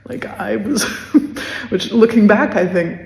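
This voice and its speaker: Halting, gravelly-voiced woman in an echoey room. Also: mid-range voice. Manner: halting, with many restarts and pauses; soft, emotional delivery. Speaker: podcast host telling her story. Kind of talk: personal recollection. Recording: echoey room with long reverb.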